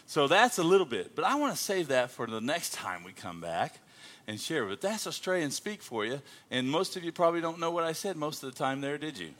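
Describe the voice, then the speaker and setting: A man's voice: fairly high pitch, very animated, a little fast, a bit bright. A man preaching as a guest missionary in a church, playful and joking with the congregation. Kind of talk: sermon opening with jokes. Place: church sanctuary.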